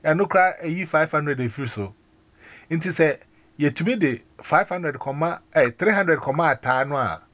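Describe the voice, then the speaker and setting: A man with a Ghanaian accent in a casual phone chat, talking in an animated, rambling way with many restarts and exclamations. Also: on the high side, normal speed, dry recording. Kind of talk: casual phone chat mixing Twi and English.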